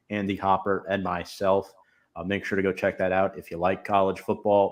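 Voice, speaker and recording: Brief: fairly low male host, easygoing, answers the chat. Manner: relaxed, reads out chat comments and replies. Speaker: podcast host. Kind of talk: casual podcast chat.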